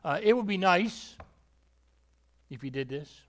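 A man's voice: sits high, expressive, unhurried. A male preacher voicing a lax man who coaxes half-heartedly and hesitantly. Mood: coaxing. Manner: hesitant, wheedling.

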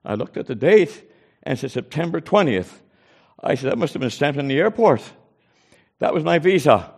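A preacher telling a personal story in a folksy way, acting out the dialogue of the people in it. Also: male voice, on the high side, normal speed, creaky, slightly rough. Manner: folksy, animated retelling with quoted dialogue. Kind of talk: storytelling testimony.

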